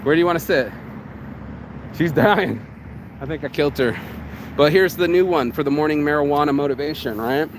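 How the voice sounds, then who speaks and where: A man's voice: fairly high pitch, fairly quick, pauses often, a little hiss or hum. A man rambling through a profane, preachy motivational talk while vlogging in an outdoor park. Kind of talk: casual motivational vlog.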